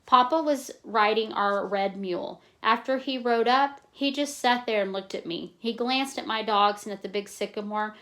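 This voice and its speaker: A woman reading a novel aloud in a plain, steady way, stopping now and then to explain in casual asides. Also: a little high, normal speed, hardly any pauses. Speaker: reader.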